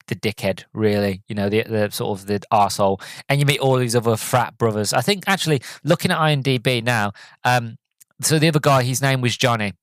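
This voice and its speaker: A man's voice: mid-range voice, no echo. Guy rambling through a movie plot on his podcast, lots of ums, dead dry sound. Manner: rambling, enthusiastic, many fillers. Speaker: podcast host. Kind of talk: casual movie recap. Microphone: podcast mic.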